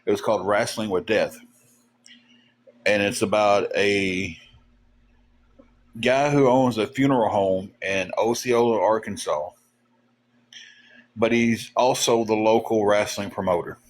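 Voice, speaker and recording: Low-voiced man rambling. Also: fairly even intonation, slight background noise. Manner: rambling, halting, many fillers. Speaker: livestream host. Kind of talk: casual storytelling chat.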